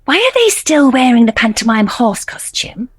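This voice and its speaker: A woman's voice: a little high, sing-song, moderate pace, slightly rough. A woman playing a fussy, flustered middle-aged woman helping run nativity auditions in a radio sitcom. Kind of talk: comedy radio sitcom acting.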